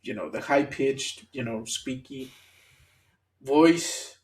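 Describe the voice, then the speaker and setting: Unhurried male podcast co-host. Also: medium pitch. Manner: laid-back, laughs often. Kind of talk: casual chat.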